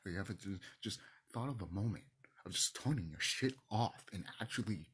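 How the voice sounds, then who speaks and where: A man's voice: fairly low pitch, lively intonation, brisk, a bit bright, slight background noise. A man hosting his own channel, ranting to camera in a heated, profane, preachy way. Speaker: channel host.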